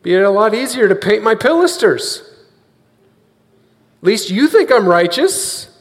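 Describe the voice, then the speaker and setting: High-pitched guy preaching a sermon, getting the crowd to say lines back, big echoey church. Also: very animated, unhurried. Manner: earnest, leads the congregation in repeating lines.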